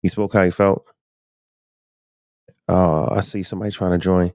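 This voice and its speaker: A man with a low, deep voice hosts a live podcast stream and talks casually to his viewers. His tone is dark and mellow, and the sound is dry and close. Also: little pitch movement, moderate pace, dry recording. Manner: loose and chatty, addresses viewers directly. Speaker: podcast host.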